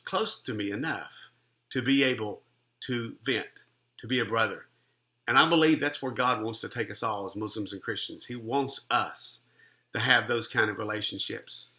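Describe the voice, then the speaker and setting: A middle-aged man who is a Christian minister and life coach shares a personal testimony earnestly and conversationally, frequently restarting. His voice is on the low side with a sharp tone.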